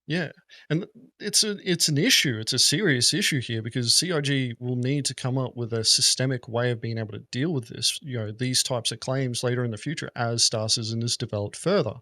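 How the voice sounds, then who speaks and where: A man's voice: mid-range voice, fairly quick, dry recording, studio quality. A man, a gaming content creator, rambling and swearing in a casual podcast chat. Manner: rambling, profane, animated.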